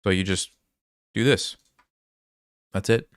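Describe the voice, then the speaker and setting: A hoarse man commentating his own online games as a chess coach, thinking aloud in a relaxed way and quizzing viewers. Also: low voice, slow, dry recording, studio quality. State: hoarse, losing his voice, coughing. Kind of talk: casual live game commentary.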